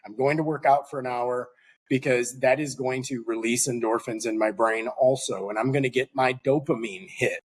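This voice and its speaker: A middle-aged man talks as a podcast guest with a husky, slightly rough voice and a middle pitch. He tells his stories animatedly and acts out each person's lines. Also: moderate pace. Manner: animated, acts out dialogue in anecdotes. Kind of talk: conversational storytelling.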